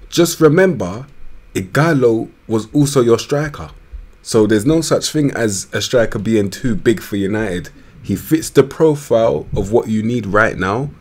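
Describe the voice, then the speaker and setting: Young man, low-pitched, slangy and excitable, riffing over a football management game. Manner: slangy, swearing, rambling and excitable. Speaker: gaming YouTuber.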